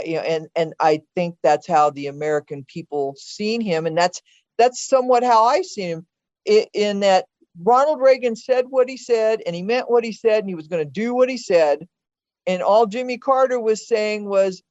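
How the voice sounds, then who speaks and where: As a guest on her child's podcast, an older woman with a darkish, mid-range voice shares opinionated, earnest views on past elections, frequently restarting her sentences in a casual political chat. The sound is dull and dry.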